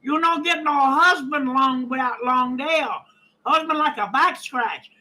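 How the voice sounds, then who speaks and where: Man doing a nail salon worker, pushy, scolding, loud, high, broken phrasing. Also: measured pace, full character voice.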